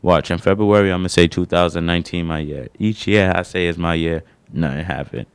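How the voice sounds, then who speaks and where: On a small studio stage, a young man works through his first stand-up set in a slangy, rambling, self-deprecating style. He speaks fairly quickly in a low voice; the tone is clean and there's no room sound.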